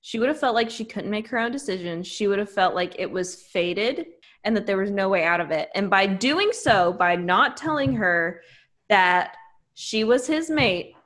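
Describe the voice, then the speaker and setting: Animated woman ranting about a book. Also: mid-range voice, moderate pace. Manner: emphatic, animated opinions with swearing. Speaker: podcast co-host. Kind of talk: casual book chat.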